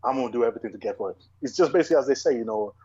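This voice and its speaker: Young male bodybuilder guest, husky voice, rapid emphatic delivery, dull lo-fi recording. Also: medium pitch, dark tone, dry recording. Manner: fast, driven and emphatic, with many restarts. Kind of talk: casual interview chat.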